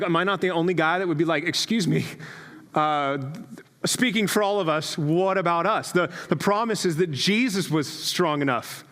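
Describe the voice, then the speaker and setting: A man in his thirties preaching a sermon as a pastor, telling stories in a conversational, self-deprecating way with quick asides. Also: on the high side, fairly bright tone. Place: church sanctuary. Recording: long reverb of a church hall.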